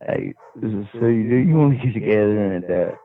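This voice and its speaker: Man, slow gravelly flirt, husky, lively pitch. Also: narrow, tinny audio, crowd noise. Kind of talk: crude phone banter.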